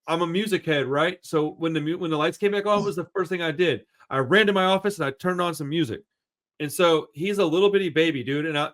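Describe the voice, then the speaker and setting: A man talking fast and excitedly on a podcast, his pitch sitting a little high for a man. He swears freely and drops dude and bro into almost every sentence, in loose, rambling chat. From Houston area. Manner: excitable, profane, says dude and bro a lot. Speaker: podcast host. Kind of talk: casual chat.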